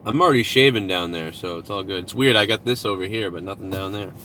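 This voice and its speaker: A man hosts a casual live stream outdoors at home, talking loosely and profanely, rambling as he reads out viewer donations. His voice sits low, fast and sharp-toned, with a little hiss or hum.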